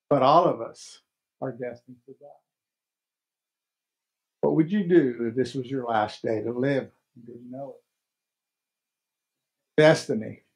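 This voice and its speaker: A man preaching a sermon as pastor of a chapel, emphatic, repeating key phrases and stressing words slowly. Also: fairly high pitch.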